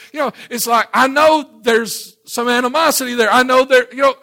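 A middle-aged pastor delivers a folksy, conversational sermon to a live church audience, quizzing the crowd and often restarting his words. His voice is very high and sharp, with fairly even intonation, moving fairly quickly with hardly any pauses.

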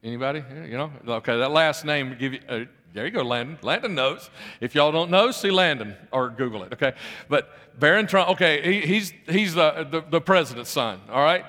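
A man delivers a sermon in a high, bright voice. He talks conversationally, circles back over his phrases and keeps putting questions to his listeners. His voice carries a long reverb, as in a large hall. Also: lively intonation, a little fast. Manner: conversational, repeats phrases, asks the congregation questions. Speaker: preacher.

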